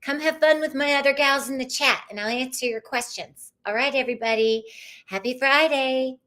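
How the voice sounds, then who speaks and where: A woman's voice: high-pitched, moderate pace, a bit bright. A woman hosting a live-stream tarot and astrology show, chatting casually and bubbly, greeting viewers by name.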